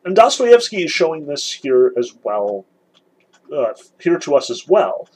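A man's voice: fairly high pitch, very animated, a little slow, a little mellow, rough recording. A man teaching a literature lesson, explaining the scene step by step and weighing each side in turn. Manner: explanatory, weighs both sides repeatedly. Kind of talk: recorded lecture.

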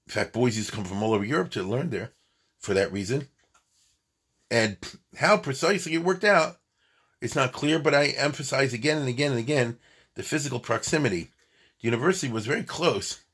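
A man's voice: medium pitch, a bit bright, breathy edge. A man giving an informal lecture on history, chatty and digressive, often checking in with his listeners.

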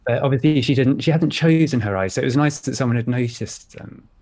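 A man with an upper-class English accent, telling personal stories in a candid, reflective chat, with many pauses and fillers. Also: mid-range voice, mellow. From United Kingdom. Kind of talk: casual chat, storytelling.

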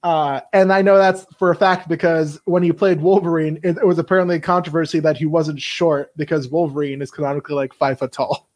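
A man's voice: on the high side, fairly even intonation, a little fast. A man co-hosting a casual movie podcast, joking and trading quips. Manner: jokey, puts on silly voices. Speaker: podcast co-host. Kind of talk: casual chat.

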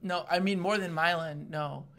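A man's voice: fairly high pitch, normal speed, creaky. A young man talks casually about life as a stand-up comic. He tells his stories with energy and acts out the voices of hecklers and hosts. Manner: animated storyteller, acts out hecklers. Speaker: stand-up comedian. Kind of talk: casual chat.

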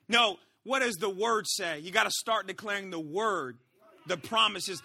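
A male pastor preaching a sermon in an animated way, swinging between shouts and hushed asides. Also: high voice, unhurried, gravelly.

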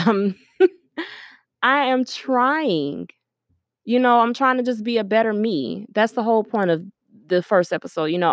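Earnest young woman with a low voice. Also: dry recording, studio quality. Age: young adult. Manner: earnest, reflective, many ums and you-knows. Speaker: podcast host. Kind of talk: casual solo podcast monologue. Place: at her workplace store.

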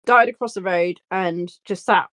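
A woman co-hosting a casual podcast, teasing and quick with dry asides. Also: fairly low pitch, a bit bright, dry recording. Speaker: podcast co-host.

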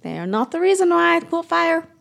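A woman voicing a cryptic, stubborn stranger in a tabletop game, talking tersely and evasively with a raspy voice. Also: very high-pitched, big pitch swings, brisk, fairly bright tone, full character voice. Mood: cryptic insistent. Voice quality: gravelly, raspy.

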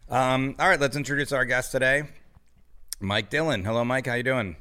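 A man's voice: medium pitch, fairly even intonation, normal speed, sharp tone, clear, resonant tone. A man co-hosting a podcast, chatting casually and teasing with dry corrections. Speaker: podcast co-host. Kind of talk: casual comedic chat.

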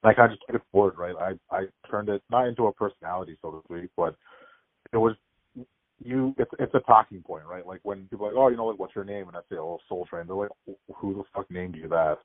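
A young man chatting casually as a podcast guest, telling stories quickly and filling his talk with "like". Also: deep voice, dry recording. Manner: rapid storytelling, frequent "like" fillers. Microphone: remote call. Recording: tinny phone-like call audio.

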